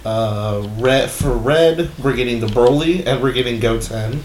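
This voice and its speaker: An excitable young man co-hosts a casual podcast, swearing freely and laughing often. His voice sits in a middle register. The room is echoey, with a faint hiss behind it. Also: mid-range voice, unhurried. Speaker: podcast co-host. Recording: roomy sound with faint background noise.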